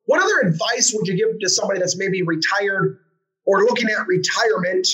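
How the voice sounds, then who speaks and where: A man's voice: high-pitched, animated, brisk, a bit bright, poor audio. A man hosting a finance interview, enthusiastic and talkative, with many restarts and fillers. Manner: enthusiastic, filler-heavy, restarts, asks long questions. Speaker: host of a finance show.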